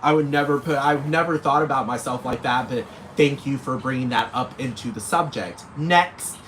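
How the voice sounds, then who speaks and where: Vlogger man, off-the-cuff profane rant, mid-pitched voice, steady background noise. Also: fairly quick. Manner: rambling, profane, talks straight at his targets. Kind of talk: casual rant to camera. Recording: noisy background hiss.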